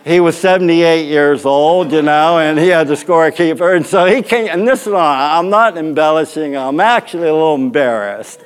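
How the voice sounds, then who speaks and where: A man's voice: fairly high pitch, moderate pace, few pauses, smooth. A male pastor telling a rambling, funny anecdote in a sermon, often laughing. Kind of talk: storytelling sermon.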